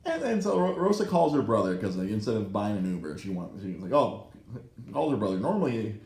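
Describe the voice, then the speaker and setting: A man in his thirties hosting a podcast, telling a story in a casual, animated way, swearing often and acting out the voices he quotes. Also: lowish voice, fairly quick, echoey room. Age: 30s. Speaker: podcast host. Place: podcast studio in a comic shop.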